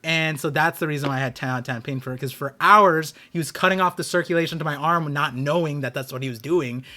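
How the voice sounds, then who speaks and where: Bright-voiced man rambling on a stream. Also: on the high side, quick pace. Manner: rambling storytelling with many restarts. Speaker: streamer host. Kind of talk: casual live-stream chat.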